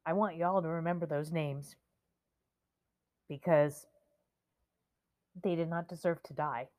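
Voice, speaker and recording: A woman in her fifties hosts a solo podcast, talking slowly and with heavy emotion. Her voice sits a little low, and she lingers over each phrase. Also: fairly even intonation, a little mellow. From United States. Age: 50s. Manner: emotional, slow and deliberate, reading names. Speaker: podcast host.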